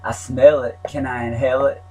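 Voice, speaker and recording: A man voicing an unseen male prisoner who jeers loudly through a cell wall. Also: lowish voice, fairly even intonation, normal speed, soft background music, lightly acted. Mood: jeering. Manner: shouting, jeering.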